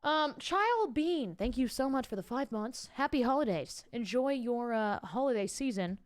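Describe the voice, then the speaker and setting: Female streamer, casual and profane, smooth clear voice, talking to chat from home. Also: on the high side, expressive, moderate pace. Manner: chatty, rambling and casually profane. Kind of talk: casual live-stream chat reading out viewer messages.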